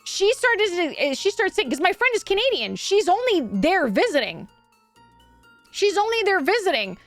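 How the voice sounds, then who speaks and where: A woman with a high voice chats casually on stream, rambling through a story with plenty of fillers and the odd swear. Faint music plays quietly behind her. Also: big pitch swings, moderate pace. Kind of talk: casual chat.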